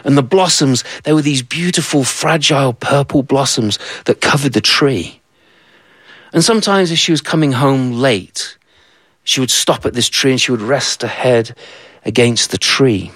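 A man's voice: medium pitch, normal speed, fairly bright tone, dry recording. A man telling a folktale aloud, with conversational asides to the listener. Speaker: storyteller. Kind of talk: told folktale.

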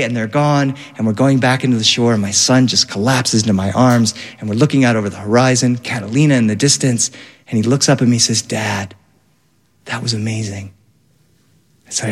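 A man with a fairly high voice recounts a family story, his narration animated and vivid as one event tumbles into the next. His voice carries a long hall reverb. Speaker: father telling a family story. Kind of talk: personal storytelling before an audience.

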